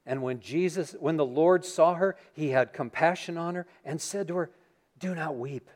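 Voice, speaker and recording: High-voiced pastor preaching a sermon. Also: male voice, normal speed. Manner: animated storytelling, acting out scenes. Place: church sanctuary.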